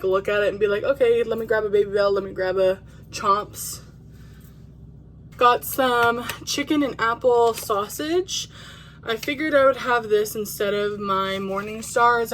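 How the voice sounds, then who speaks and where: A woman's voice: medium pitch, slight background noise. A woman vlogging in a casual, candid chat, talking straight to her viewers with fillers and the odd swear.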